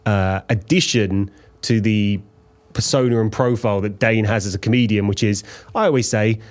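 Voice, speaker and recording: A man producing a podcast, talking at a live recording in a measured way and praising the host. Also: fairly low pitch, steady tone.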